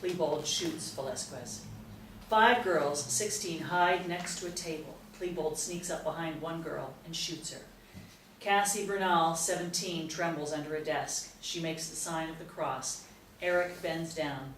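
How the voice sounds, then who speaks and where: A woman reading a screenplay's stage directions aloud in a crisp, matter-of-fact way. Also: sits low, a little slow, a bit bright. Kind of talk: screenplay table read narration. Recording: roomy, distant mic, faint hiss.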